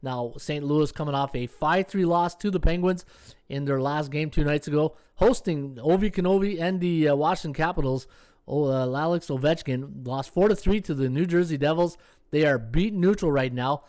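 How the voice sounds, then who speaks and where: A man's voice: on the high side, moderate pace, a little mellow. A middle-aged man hosting a sports betting podcast, reading odds and picks and chatting with his live viewers, his throat worn from talking. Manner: chatty, reads odds and picks, talks to chat. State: losing his voice, throat sore. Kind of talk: casual sports betting talk.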